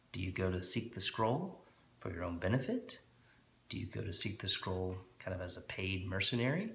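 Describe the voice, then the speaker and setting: A man and host, explaining a tabletop game in a relaxed, rambling way with many fillers. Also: sits low, normal speed, gravelly, reverberant, a little hiss or hum. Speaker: dungeon master and channel host. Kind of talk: casual tutorial explanation. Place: room at home with a board.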